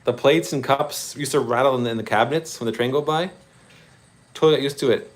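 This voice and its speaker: A man hosting a model railway livestream, chatty and excitable, greeting viewers by name and laughing often. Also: mid-range voice, quick pace. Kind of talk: casual live-stream chat with viewers.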